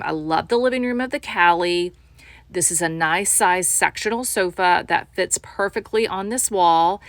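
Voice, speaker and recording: A woman's voice: mid-range voice, a bit bright, no echo. Upbeat woman giving a home tour. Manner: upbeat and enthusiastic, addresses viewers as "you guys". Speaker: real estate agent.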